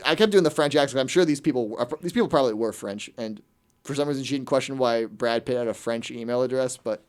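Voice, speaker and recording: A male radio host talks at a rapid clip in casual studio chat. He rants with exasperation and slips into mock voices for quotes. His pitch sits in an ordinary middle range. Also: darkish tone, smooth.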